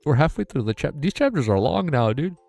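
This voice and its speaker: A man's voice: on the high side, sing-song, brisk, creaky, darkish tone, dry recording. A man streaming live, reading a novel aloud, stumbling over words and laughing at his own misreads, in slangy casual talk. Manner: casual, slangy, says man and dude a lot.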